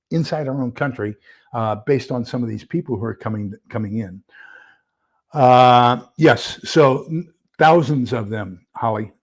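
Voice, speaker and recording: On a casual live stream, a man with a medium-pitched, gravelly, breathy voice rambles with plenty of fillers. He reads from a document and fumbles with sharing his screen.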